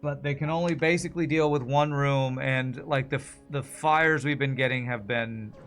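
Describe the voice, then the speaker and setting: A man's voice: mid-range voice, steady tone, normal speed, a bit bright, faint music behind. A man streaming a video game, commenting live in a frustrated, swearing rant while apologizing to the ship's designer.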